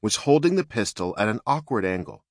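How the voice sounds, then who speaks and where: Measured and even, a man narrates an audiobook in a lowish voice. It's recorded at studio quality with no echo.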